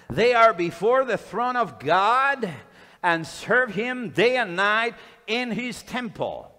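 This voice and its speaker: A man's voice: high voice, pushed and bright. A man preaching a fervent sermon and reading scripture aloud in a church hall. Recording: long hall reverb.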